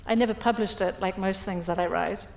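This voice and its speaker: A woman's voice: mid-range voice, a little fast, vocal fry. A middle-aged woman giving a humorous, self-deprecating storytelling speech at a breakfast event. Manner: lively, self-deprecating, acts out quotes. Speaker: keynote speaker. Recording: echoey event hall.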